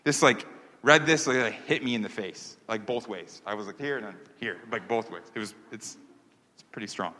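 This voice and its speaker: A man's voice: on the low side, moderate pace, sharp tone. A man preaching a sermon as pastor, earnest and emphatic, repeating key phrases for weight. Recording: long hall reverb.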